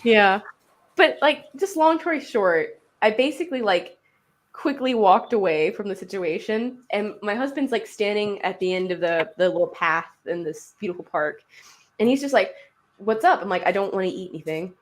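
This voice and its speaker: A young adult woman telling a funny story in casual chat, lively and laughing, acting out the other people in her story. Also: mid-range voice, moderate pace. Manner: animated, laughing, acts out quoted voices.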